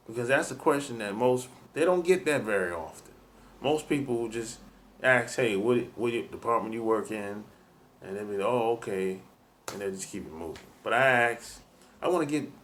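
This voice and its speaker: A man's voice: medium pitch, fairly bright tone, slight background noise. A man giving dating advice in a laid-back, rambling monologue full of "you know".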